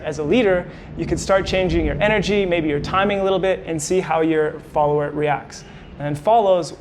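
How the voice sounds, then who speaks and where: A man teaching salsa in a voice-over, explaining clearly and calling out the moves as the dancers hit them. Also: high-pitched, darkish tone, slight background noise. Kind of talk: instructional voice-over commentary.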